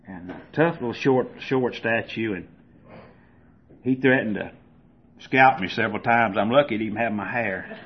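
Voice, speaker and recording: A man's voice: fairly low pitch, normal speed, pauses often, a little hiss or hum. An older man with a Southern US accent, from Georgia, gives a personal testimony at a recovery meeting, telling a folksy story and acting out the voices in it. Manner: folksy storyteller who acts out voices loudly. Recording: dull lo-fi recording.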